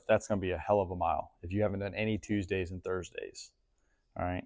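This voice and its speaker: A man with a slightly low voice teaches a class of lifters. He talks casually and keeps checking in with quick questions. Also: little pitch movement, darkish tone, highs cut off. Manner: casual, asks the group questions often. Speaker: strength coach. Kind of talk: classroom coaching talk.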